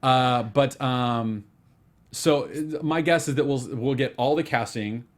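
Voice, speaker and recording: A man's voice: mid-range voice, a little hiss or hum. A man on a movie news panel, chatting casually, working through guesses with lots of fillers and restarts. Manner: chatty, talks fast through speculation with many fillers and restarts. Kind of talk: casual chat.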